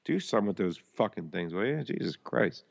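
A man's voice: fairly low pitch, very animated, a little fast, creaky, lo-fi sound. A man co-hosting a podcast, telling blunt, crude stories and laughing often. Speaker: podcast co-host. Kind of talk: crude casual banter.

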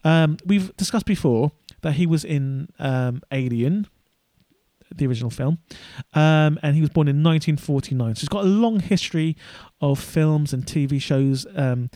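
A man's voice: fairly high pitch, normal speed, warm tone, no room sound. Rambling man co-hosting a podcast. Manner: rambling, many fillers and restarts. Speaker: podcast co-host. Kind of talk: casual podcast chat.

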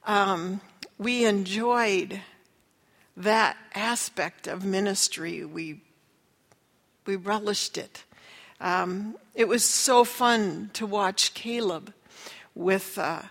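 A woman's voice: mid-range voice, very slow, pauses often, a bit bright. A middle-aged woman telling a personal faith story in an earnest way. She acts out the voices in the story she quotes. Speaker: speaker sharing a testimony. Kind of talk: storytelling testimony. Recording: long hall reverb.

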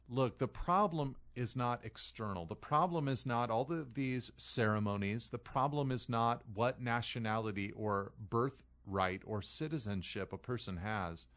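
A man's voice: mid-range voice, measured pace, fairly bright tone. Earnest male preacher reading scripture. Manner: earnest, builds emphasis on key phrases. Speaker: pastor. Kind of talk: expository sermon with scripture reading.

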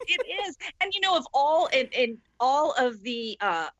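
A woman's voice: high voice, sing-song, unhurried, a bit bright, no room sound, highs cut off. A woman co-hosting a casual movie podcast, talking emphatically and gushing about actors. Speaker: podcast co-host.

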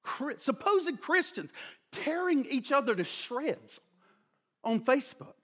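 High, bright-voiced preacher man. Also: big pitch swings, slow. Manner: dynamic preaching, swings from loud emphatic to hushed. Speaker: pastor. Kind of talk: sermon.

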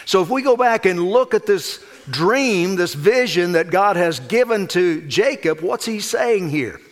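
Male pastor, sermon, emphatic, fairly high pitch, loud stresses and soft asides. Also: animated, normal speed, few pauses.

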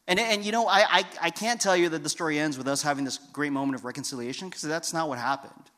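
Male preacher with a higher voice. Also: fast, few pauses. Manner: storytelling, swings between hushed and loud emphatic. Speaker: pastor. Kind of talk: sermon.

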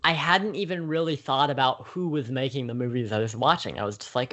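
A young man co-hosting a podcast who speaks in a measured, thoughtful way with frequent ums. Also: medium pitch, a bit bright. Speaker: podcast co-host. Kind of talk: casual conversation.

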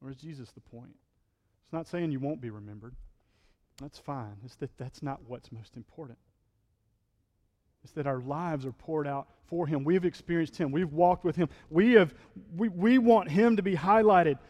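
A man's voice: on the high side, moderate pace, a little mellow, long reverb tail. A male pastor preaching a sermon in a conversational style, acting out quotes and building to fervent peaks.

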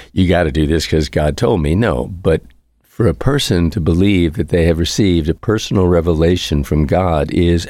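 A man's voice: low voice, mellow, no echo, studio quality. A male priest delivering a conversational homily, reflective in tone and repeating his key phrases for emphasis.

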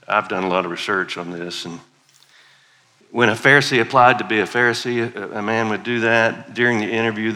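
A man's voice: lowish voice, pushed and bright. A middle-aged man, preaching a playful, conversational sermon as a guest preacher. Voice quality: playful, conversational, leads congregation in call-and-response.

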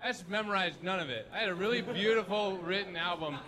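A man's voice: high-pitched, fast talker, very noisy. A man doing a rambling, self-mocking stand-up set, laughing as he goes. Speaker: stand-up comedian.

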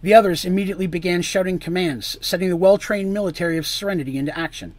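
Higher-voiced man reading a dark fantasy tale. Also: fast, dry recording. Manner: expressive reading that drops low and quiet on grim lines and rises loud on tense ones. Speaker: storyteller. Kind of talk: dramatic fantasy story reading.

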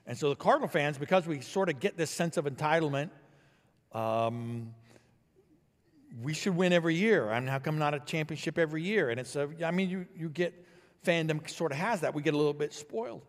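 A man preaching a sermon as pastor, building to emphatic swells and then dropping low and quiet. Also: brisk, long reverb tail.

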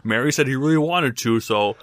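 A man's voice: medium pitch, a little fast, a bit bright, pitched above the performer's own voice, close to an everyday voice. A man voicing a burly male bartender in a tabletop game, with a sheepish, laughing manner.

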